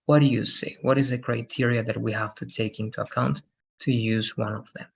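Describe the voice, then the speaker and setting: A man's voice: mid-range voice, fairly even intonation, brisk, gravelly, breathy edge, dull audio. A man teaching an English grammar lesson online, checking in with "right?" after almost every sentence.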